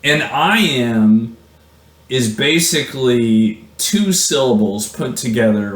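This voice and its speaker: A male university lecturer talks casually and slowly about poetry. He keeps stopping to restart his sentences and fills gaps with ums and you-knows. His voice bounces around an echoey room. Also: medium pitch, animated. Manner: halting, many fillers and restarts.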